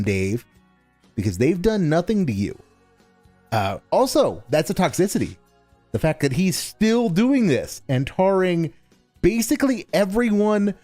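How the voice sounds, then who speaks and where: A man's voice: sits high, mellow, no room sound. A man reacting to a recorded stream in exasperated, sarcastic commentary that swears often.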